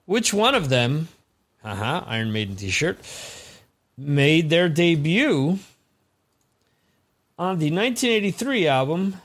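Male quiz host, slightly high pitch, unhurried, chatty digressions between scores. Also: big pitch swings, fairly bright tone. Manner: rambling, chatty asides between questions. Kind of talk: live-streamed trivia hosting.

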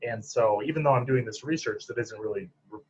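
A man's voice: medium pitch, a little fast, slightly rough. A man, a psychologist telling stories in a casual interview, chatty and full of fillers. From Upper Peninsula of Michigan. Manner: chatty, lots of fillers, laughs at own stories. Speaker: psychologist guest. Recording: dull lo-fi sound.

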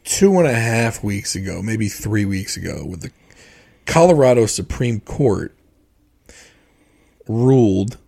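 A gravelly, rough-edged male voice with a slightly low pitch. He co-hosts a casual podcast, talking things through in an opinionated, explanatory way, often pausing on fillers and restarting sentences. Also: big pitch swings, mellow. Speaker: podcast co-host. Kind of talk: casual chat.

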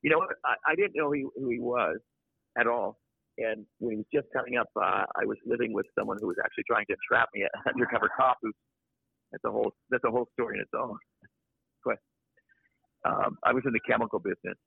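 Gravelly-voiced man ranting on a call. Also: medium pitch, fast talker, no echo. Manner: opinionated, rambling, blunt. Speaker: podcast guest. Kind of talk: casual podcast conversation. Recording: dry, tinny phone-like line.

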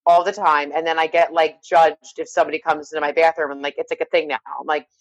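A middle-aged woman in casual chat, lively and acting out quotes. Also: sits low, fast, dry recording, lo-fi sound. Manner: chatty, full of "like", animated quotes.

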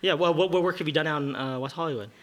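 A man's voice: a little high, rapid-fire, fairly bright tone. A man improvising a scene at a bar, hesitant with many fillers and narrating his own moves. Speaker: improv performer.

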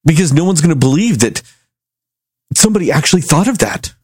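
A man casually reviewing a movie, rambling and animated as he retells scenes. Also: fairly high pitch, fairly quick, breathy edge, no room sound. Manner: rambling, animated storytelling with acted quotes. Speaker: movie review podcast host.

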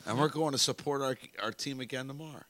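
A man's voice: medium pitch, fast, a bit bright, no echo. A man co-hosting a podcast, trading crude, profane jokes in casual banter with friends. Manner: profane, gruff, teasing. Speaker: podcast co-host.

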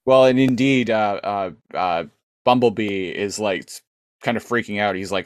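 Low-voiced man recapping a cartoon casually. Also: moderate pace, clean tone, dry recording, studio quality. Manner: rambling, many fillers and restarts, swears. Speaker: podcast co-host.

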